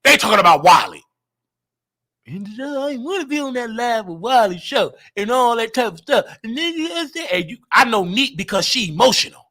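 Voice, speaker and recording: Animated, bright-voiced male livestream host. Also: very high-pitched, fairly quick, hardly any pauses. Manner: animated, boastful, repetitive. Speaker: show host. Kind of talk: casual livestream rant.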